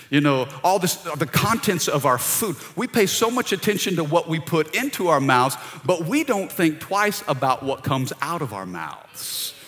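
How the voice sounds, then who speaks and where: A middle-aged male pastor preaches with a bright, lively voice that swings up and down, calling out to his congregation. His voice carries a long reverb from a large church hall. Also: on the high side. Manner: energetic, calls out to the congregation. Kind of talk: sermon. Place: church sanctuary.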